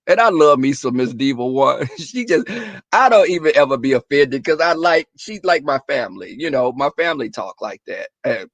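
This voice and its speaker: Male stream host, sassy and profane, slightly high voice, dry sound. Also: big pitch swings, a little fast, a bit bright, dry recording. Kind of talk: casual chat with viewers.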